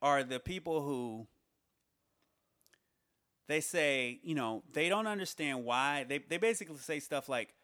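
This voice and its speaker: A man giving a casual spoken monologue, reasoning aloud with rhetorical questions and halting restarts. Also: on the high side, expressive, pushed and bright, no echo, studio quality. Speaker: commentator on society.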